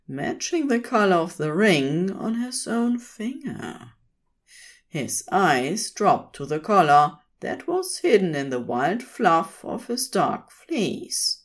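A woman reading fan fiction aloud as a podfic, with expressive storytelling. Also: fairly low pitch. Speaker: podfic reader.

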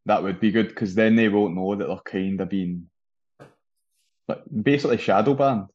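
Low Scottish man on a muffled mic. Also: moderate pace. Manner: relaxed, agreeable, short replies. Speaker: podcast co-host. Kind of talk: casual chat.

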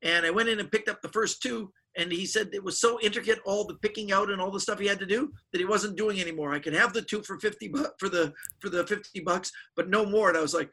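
High, bright man telling stories. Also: fast talker, few pauses, poor audio. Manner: animated storyteller acting out quoted voices. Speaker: guest magician. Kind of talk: casual storytelling interview.

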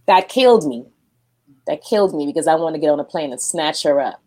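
A woman with a low voice shares personal reflections on a podcast. Her delivery is halting and thoughtful, full of pauses and fillers. She sounds casual and candid. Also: animated, warm tone. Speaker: podcast co-host. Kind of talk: casual chat.

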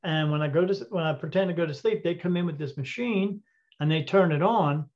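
Man, high voice, animated storyteller, acts out dialogue, dull lo-fi recording. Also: brisk. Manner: animated, re-enacts dialogue, many fillers. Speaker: interview guest, intuitive reader. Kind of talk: casual storytelling in an interview. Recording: dull lo-fi audio.

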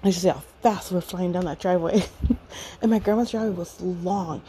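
A woman's voice: lowish voice, brisk, warm tone, slight background noise, poor audio. A woman in her thirties casually telling a fond family story, rambling with many fillers and frequent laughs. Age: 30s. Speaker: podcast storyteller.

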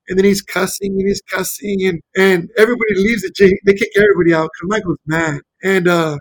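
Mexican-born coach as guest, high male voice, animated storyteller. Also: quick pace, few pauses, breathy edge, low-quality recording. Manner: animated storyteller, acts out quotes. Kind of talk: casual storytelling interview.

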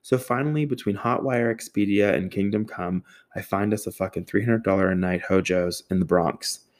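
Deep-voiced man telling a sarcastic story. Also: moderate pace. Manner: profane, sarcastic, exasperated. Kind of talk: casual comic storytelling.

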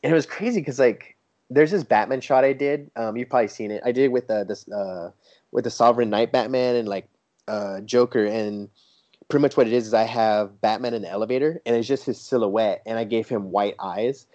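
A man's voice: mid-range voice, fairly quick. Enthusiastic man telling stories, dull lo-fi audio. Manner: enthusiastic storyteller who quotes others in a lively, raised voice. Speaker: toy photographer guest. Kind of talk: casual chat. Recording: dull lo-fi sound.

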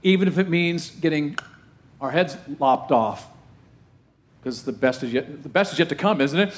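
A man preaching a sermon as pastor, full of rhetorical questions and emphatic repetition, slowing down to stress key phrases, with playful asides. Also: fairly high pitch, lively intonation. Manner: playful asides and self-deprecating humor.

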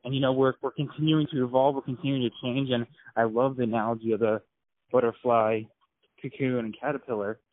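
A man's voice: medium pitch, steady tone, fairly quick. A man co-hosting a podcast, talking earnestly and motivationally, asking follow-up questions. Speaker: podcast co-host. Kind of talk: casual conversational coaching. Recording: tinny phone-like sound, dry.

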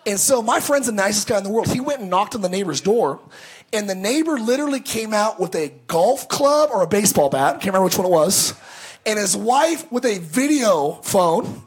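High, husky-voiced joking preacher. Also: male voice, a little fast. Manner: animated, joking, stumbling over words. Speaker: pastor. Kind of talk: sermon storytelling.

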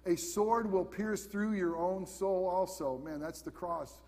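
Man, preacher, sermon, high-pitched, repeats questions, loud then hushed. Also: measured pace, long reverb tail.

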